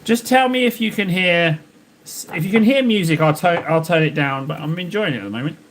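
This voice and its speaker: A man's voice: fairly high pitch, fairly quick, fairly bright tone. A man hosting a live stream, chatting casually and joking to himself while he paints miniatures. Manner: rambling, jokey self-talk while painting. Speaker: livestream host painting miniatures.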